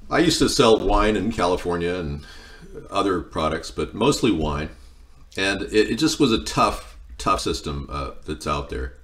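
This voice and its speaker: A man's voice: sits low, a bit bright. A man hosting a casual livestream, chatting while he cooks, wandering off into long stories and answering viewers' comments. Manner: rambling, meandering storytelling, answering chat. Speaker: livestream host. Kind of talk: casual live-stream chat while cooking.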